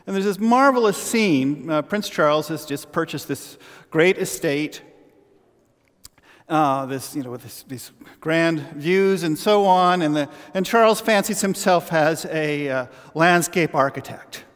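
A man preaching a sermon as pastor, telling a story with animated, halting restarts. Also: a little high. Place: church sanctuary. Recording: long church reverb.

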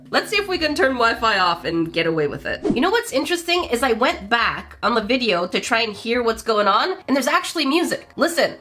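A woman hosting a casual let's play of a mobile game, playful and expressive, with jokey asides to her viewers and big jumps in pitch. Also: a little fast. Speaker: gaming channel host.

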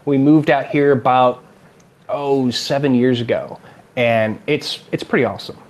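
A game designer from California, speaking with a Californian accent, chats as a guest in a casual interview. He's an animated storyteller who acts out the people and quotes in his stories, and his mid-range voice moves at an unhurried pace.

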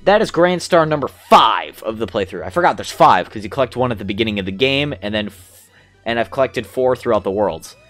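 An excitable young man chatting casually while playing a video game, with sudden excited outbursts. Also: mid-range voice, a little fast, soft background music. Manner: chatty, excitable, mild swearing substitutes. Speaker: gamer. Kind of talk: casual gameplay commentary.

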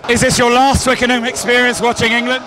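A man asking rugby fans quick questions outdoors after a match. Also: very high voice, flat delivery, a crowd in the background. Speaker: street interviewer. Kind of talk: vox pop questions. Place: outdoors outside a stadium.

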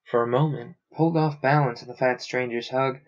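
A man narrating a science fiction novel aloud on a stream, steady with small stumbles. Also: mid-range voice, fairly quick. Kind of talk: audiobook-style reading. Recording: dull lo-fi sound.

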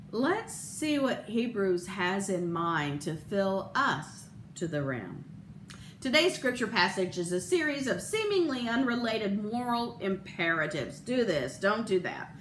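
A woman pastor preaching a sermon and telling a story in an expressive, measured way. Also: mid-range voice, roomy sound, a little hiss or hum.

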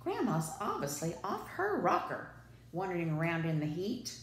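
A woman doing a scheming storybook wolf, high and gloating. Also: wildly swooping pitch, normal speed, a little hiss or hum. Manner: gloating, sneering, stammering when caught. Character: scheming boastful male wolf villain. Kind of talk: storybook read-aloud. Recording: echoey room.

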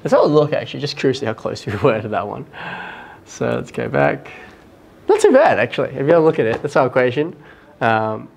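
Gravelly man talking through a lesson. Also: mid-range voice, quick pace. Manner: thinks aloud, often checks with "right?". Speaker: math teacher. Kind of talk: casual lesson talk-through.

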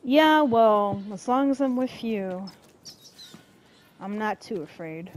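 A woman's voice: mid-range voice, lively intonation, slow, a little hiss or hum. A woman giving let's play commentary, swearing freely and reacting emotionally with slang. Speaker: gaming streamer.

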